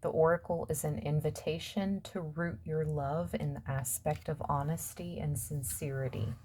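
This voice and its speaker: A woman's voice: sits low, fairly even intonation, moderate pace, warm tone, slightly rough. A woman giving a casual tarot reading, musing aloud and trailing off with fillers as she turns over cards. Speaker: tarot reader.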